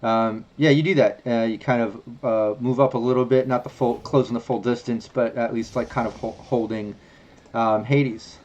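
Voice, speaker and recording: A man's voice: mid-range voice, steady tone, moderate pace, a little mellow. A man narrating as game master of a tabletop game, describing scenes loosely with many fillers. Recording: slightly muffled audio.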